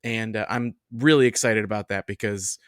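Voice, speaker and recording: A man's voice: fairly low pitch, fairly even intonation, moderate pace, a bit bright, no room sound, studio quality. A man chatting casually as a podcast guest, easygoing and often restarting his phrases.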